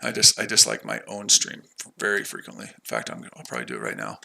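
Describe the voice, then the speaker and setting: Gravelly, bright-toned man. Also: a bass voice, very animated, quick pace, slight background noise. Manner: loose and offhand, with restarts. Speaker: livestream trading host. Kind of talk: casual live-stream chat.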